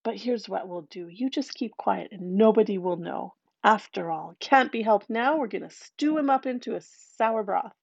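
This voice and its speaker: A woman's voice: mid-range voice, moderate pace, gravelly, few pauses, no room sound, highs cut off. A woman voicing a scheming stepmother who sounds sweet but hides hatred. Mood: cold.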